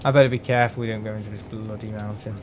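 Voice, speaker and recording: A man's voice: on the low side, fairly even intonation, rapid-fire, a little mellow, a little hiss or hum. A man chatting bluntly on a live game stream, rambling, joking and swearing freely.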